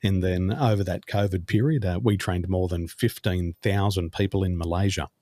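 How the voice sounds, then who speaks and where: A low-voiced Australian man with a husky edge to his speech. He talks in a slow, deliberate, measured way, like a coach who has trained his delivery, and his voice comes across close and dry. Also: fairly even intonation, mellow, no room sound. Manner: measured, deliberate delivery, speaks slowly on purpose. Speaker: business coach, guest. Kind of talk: podcast interview answers.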